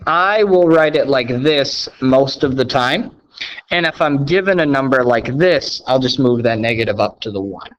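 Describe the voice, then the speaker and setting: A man teaching a recorded math lesson, upbeat and playfully sarcastic, often checking in with "okay?". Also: fairly high pitch. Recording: dull lo-fi sound.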